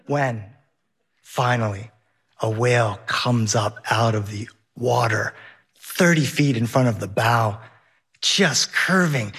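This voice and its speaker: On stage, a middle-aged man tells a funny personal story with vivid, lively delivery, briefly switching to a high, whiny voice to imitate his son. His voice is slightly rough.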